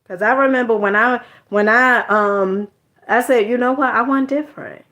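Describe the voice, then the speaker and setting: A woman's voice: on the high side, normal speed, bright, forceful tone. A woman telling a personal story in a casual, chatty monologue, often repeating her words and using slang.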